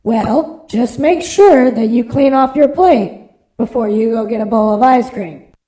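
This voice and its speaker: A man's voice: very high-pitched, measured pace, dark tone, voice pushed up, poor audio. A man voicing a firm mother telling her young son to finish his plate, in a comic skit. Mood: stern. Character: stern country mother talking to her son.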